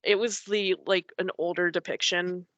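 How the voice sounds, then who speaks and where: A woman's voice: fairly low pitch, fairly even intonation, moderate pace, a bit bright, no room sound. A woman guest telling a personal story in a casual, rambling way, full of likes and ums. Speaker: podcast guest.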